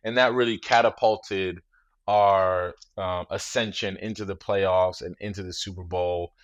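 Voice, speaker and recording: A man in his thirties, a former football player, talking as a guest in a relaxed interview, measured and reflective, often saying "you know.". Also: sits low, no room sound, lo-fi sound.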